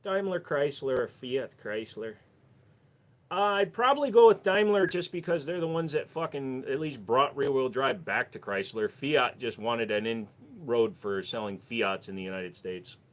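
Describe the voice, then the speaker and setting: A man's voice: medium pitch, lively intonation, moderate pace. A man with a Minnesota accent, casually answering viewer questions on a livestream in a blunt, profane way.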